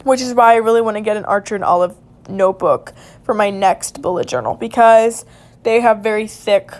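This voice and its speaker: A woman's voice: medium pitch, fairly quick, darkish tone. A young woman casually narrating a journal-drawing vlog in a chatty way, with lots of fillers and little laughs. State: hiccups. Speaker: vlogger.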